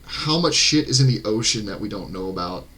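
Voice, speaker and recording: A man streaming and chatting casually while drawing, relaxed and joking. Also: lowish voice, a little fast.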